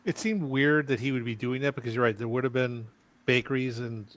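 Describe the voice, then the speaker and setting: A man's voice: mid-range voice, dry recording. Dry-sounding man making a careful point. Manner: measured, explaining his point at length. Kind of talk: casual group chat.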